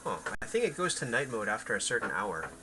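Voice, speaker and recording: A man's voice: medium pitch, sing-song, quick pace, pushed and bright, low-quality recording. A man chatting casually on a game livestream, rambling to his viewers and his cat. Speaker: game streamer.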